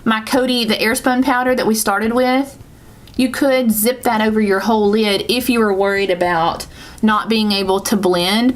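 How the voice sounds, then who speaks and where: Chatty Southern woman doing a makeup tutorial. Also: medium pitch. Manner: chatty, rambling, self-correcting with laughs. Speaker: beauty vlogger.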